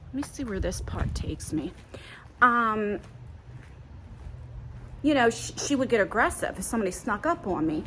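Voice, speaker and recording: A woman's voice: mid-range voice, sing-song, moderate pace, long pauses, fairly bright tone, a little hiss or hum, rough recording. A middle-aged woman rambling casually as she vlogs on a walk outdoors, talking into a handheld phone. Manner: chatty, rambling, many fillers. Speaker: vlogger. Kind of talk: casual walk-and-talk vlog.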